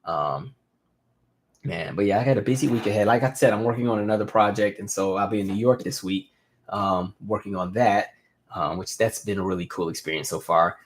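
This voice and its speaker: Animated man chatting on a live stream. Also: on the low side, fairly quick. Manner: animated storytelling, reads viewer comments aloud. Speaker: host. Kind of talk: casual live-stream chat.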